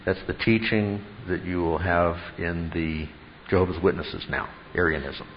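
A man's voice: low-pitched, fairly even intonation, moderate pace, muffled recording, a little hiss or hum. A man teaching a Bible class in a classroom, emphatic and full of rhetorical questions to his students.

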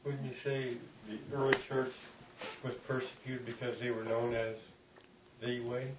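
A man's voice: mid-range voice, level tone, unhurried. Guy chiming in from the room, far from the mic, echoey and noisy, lo-fi. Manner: brief interjections from the audience. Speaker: class member. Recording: distant, roomy, noisy lo-fi.

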